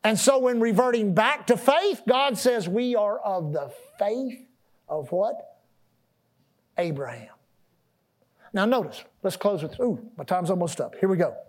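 A man's voice: high-pitched, unhurried, pauses often. A man preaching a sermon, asking the congregation questions and repeating words as he builds his points. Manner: animated preaching with call-and-response questions; repeats and restarts words, rising and dropping loudness. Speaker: pastor.

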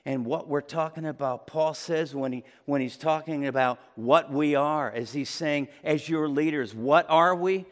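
A man preaching a sermon, swinging between loud emphatic peaks and low quiet passages. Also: measured pace, few pauses. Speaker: pastor. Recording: long reverb of a large room.

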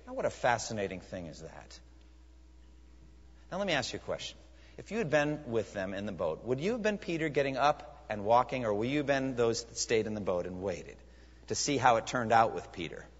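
A male pastor preaches in a lively, swooping voice, pressing his listeners with rhetorical questions. He pauses for effect and leans hard on key words. The sound is muffled and carries a long hall reverb. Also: mid-range voice. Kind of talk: sermon.

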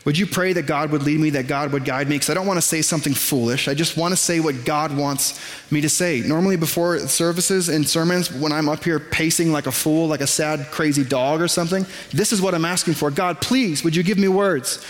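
A man preaching a sermon in a conversational, self-deprecating way, with quick asides to the congregation. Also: fairly high pitch, big-room sound. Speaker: pastor. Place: church sanctuary.

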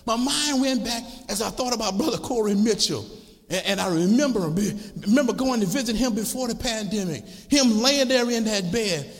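A man preaching a sermon as a church's congregational director, impassioned and repetitive, building up to shouting. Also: sits high, moderate pace. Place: church sanctuary. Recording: long church reverb.

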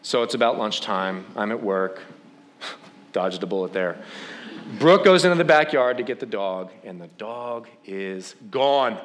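Preaching in a fairly low, unhurried voice, a man shares a self-deprecating, funny story, bringing it to life by acting out people's quotes with animation.

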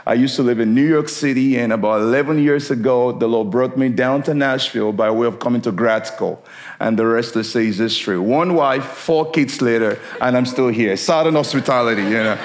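Upbeat preacher man. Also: medium pitch. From Nigeria. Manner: upbeat, laughing often, preachy call-and-response. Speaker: guest preacher. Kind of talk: sermon.

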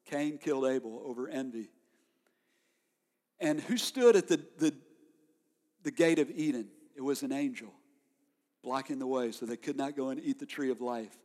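A man preaching a sermon as pastor, emphatic, swinging from loud declarations to quiet reflection and asking his listeners questions. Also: mid-range voice, normal speed. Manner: asks the listeners rhetorical questions. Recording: long reverb of a large hall.

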